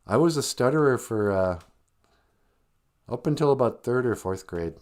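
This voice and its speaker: Man host, casual livestream banter, animated and joking, lively pitch. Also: moderate pace. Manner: joking, laughs often, animated. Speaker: podcast host.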